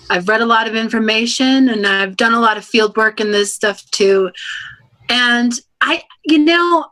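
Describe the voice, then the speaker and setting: A woman's voice: a little high, sharp tone. A woman hosting an interview, speaking in a reflective, conversational way. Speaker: host. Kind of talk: casual interview talk.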